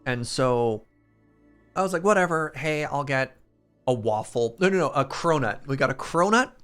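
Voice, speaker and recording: A man telling a casual, animated story on a stream, excitable and quick with quoted asides. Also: mid-range voice, clear, resonant tone, faint music behind.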